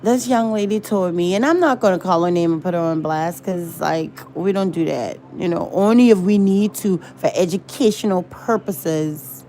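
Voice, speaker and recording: A woman's voice: on the low side, moderate pace, hardly any pauses, dark tone, slight background noise. A woman rambling and searching for words in a casual livestream chat. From American South. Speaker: livestream host.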